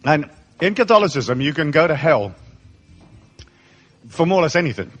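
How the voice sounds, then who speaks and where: A middle-aged man from Africa addresses a live seminar audience with profane, sardonic humour. His voice sits a touch high and swings widely in pitch as he tells comic stories. He sounds irreverent and mocking throughout. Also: big pitch swings, moderate pace. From raised in Africa, born in England. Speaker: seminar speaker.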